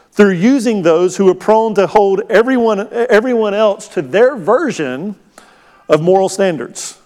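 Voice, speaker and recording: Brief: middle-aged man, pastor giving a sermon, slightly high voice, long church reverb. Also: a little mellow.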